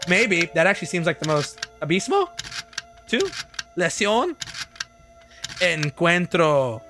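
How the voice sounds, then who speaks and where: Loud joking gamer man. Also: high-pitched, takes it slowly, faint music behind. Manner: loud, joking, excitable reactions. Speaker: gaming streamer. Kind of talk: reacting to a horror game.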